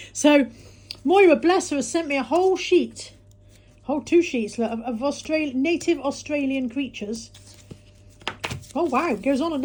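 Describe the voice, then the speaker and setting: A chatty, self-mocking woman from England talks casually to camera in a weekly vlog. Her voice sits fairly high and has a soft, husky edge. She rambles and mutters to herself as she goes. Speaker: vlogger.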